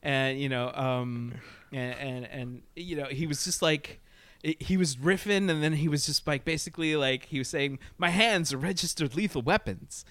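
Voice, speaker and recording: A man's voice: medium pitch, normal speed, a bit bright, clear, resonant tone, no echo. A middle-aged man chatting casually about a movie, rambling and swearing, laughing often. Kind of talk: casual movie review chat.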